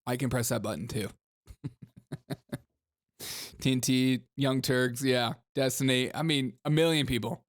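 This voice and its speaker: A man's voice: medium pitch, steady tone, takes it slowly, pauses often, no room sound, studio quality. A man hosting a comedic commentary show, mocking clips sarcastically and laughing often.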